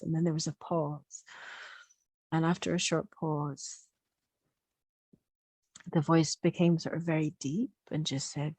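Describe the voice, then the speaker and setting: A woman who works as a quantum healing practitioner, gently recounting a session in a soft, hesitant reflective monologue full of fillers. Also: low-pitched, flat delivery, unhurried, pauses often, breathy edge, no room sound. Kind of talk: reflective spoken monologue sharing channelled messages.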